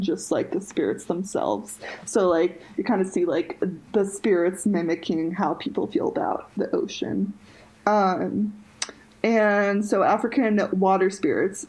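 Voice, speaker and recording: A woman co-hosts a podcast, telling a story in a chatty, casual conversation packed with "like" and "um." Her voice is medium-pitched and a little mellow, and the recording quality is low.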